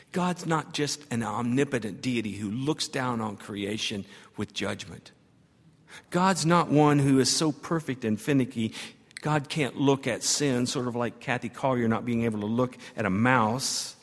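A man preaching a sermon as pastor, telling a story and building to emphatic, repeated phrases. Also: mid-range voice. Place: church sanctuary. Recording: long church reverb.

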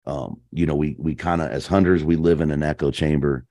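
A man telling hunting stories as a podcast guest in a casual, animated way, full of slang. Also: rumbling low, fairly quick, no echo, studio quality. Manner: animated, slangy, peppers speech with "man" and "dude". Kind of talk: casual storytelling chat.

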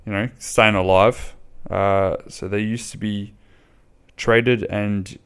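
A man's voice: lowish voice, steady tone, takes it slowly, fairly bright tone, clear, resonant tone. A man, chatting casually and bluntly on his own podcast, rambling and swearing freely. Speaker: podcast host. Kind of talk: casual solo podcast chat.

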